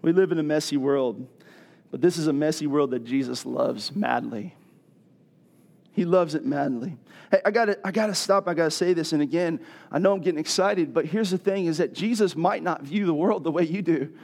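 A middle-aged man preaching a sermon as pastor, animated and building to loud rhetorical questions. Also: a little high, brisk, vocal fry.

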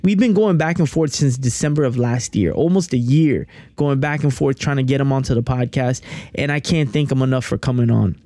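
A man hosting a podcast in casual chat, excitable and given to repeating himself. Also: mid-range voice, fairly quick, no room sound. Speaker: podcast host.

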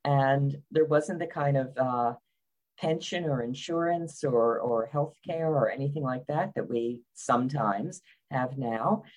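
A woman's voice: extremely low pitch, a little slow, darkish tone, rough recording. A woman author being interviewed, speaking in a wry, opinionated and blunt way. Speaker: biographer guest. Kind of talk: conversational interview.

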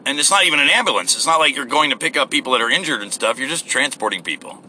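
A man's voice: medium pitch, animated, racing, pushed and bright, slight background noise. A man hosting his own podcast, rambling casually and profanely while driving to work. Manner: rambling, profane, self-deprecating. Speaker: podcast host. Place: in a vehicle.

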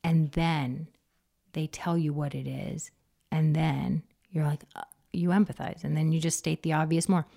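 A woman giving parenting advice in casual conversation, animated and often acting out soft, low quoted voices. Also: unhurried, gravelly. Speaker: parenting expert.

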